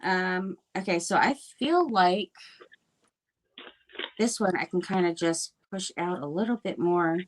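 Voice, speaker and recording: A woman's voice: lowish voice, a little slow. A woman hosting a live craft stream, chatting in an upbeat way with lots of fillers while she shapes clay. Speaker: craft livestream host.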